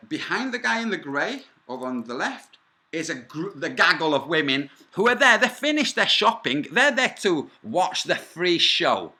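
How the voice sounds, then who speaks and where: This man tells his story in a hard, pushed voice that rides a little high. He swings his pitch up and down a lot as he gets heated. He sounds combative and swears freely, breaking off into side remarks. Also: bright, forceful tone, breathy edge. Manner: combative, profane, rambling asides. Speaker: vlogger. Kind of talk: angry first-person storytelling.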